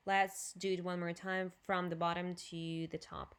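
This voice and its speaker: Slow, patient woman teaching English. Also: fairly low pitch, level tone, a bit bright. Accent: Ukrainian. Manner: slow, clear drilling with switches to Russian explanations. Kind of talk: video grammar lesson.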